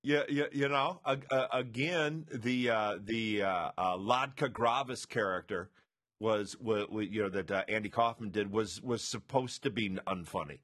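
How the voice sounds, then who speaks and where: A man co-hosting a podcast in casual chat, halting and repeating words as he thinks. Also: on the low side, fairly bright tone. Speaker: podcast co-host.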